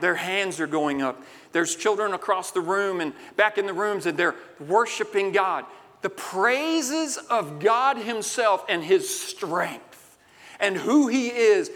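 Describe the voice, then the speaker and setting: A man preaching a sermon in a large church, swinging from loud, emphatic lines to hushed ones. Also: sits high. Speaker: pastor. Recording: long hall reverb.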